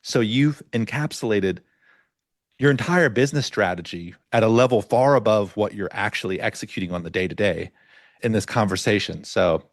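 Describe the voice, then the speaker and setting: A middle-aged man hosting a podcast, telling a story in an animated way and acting out the voices of the people in it. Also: lowish voice, normal speed, dry recording, studio quality. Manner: animated storyteller, acts out quoted dialogue. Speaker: podcast host. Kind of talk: casual podcast conversation.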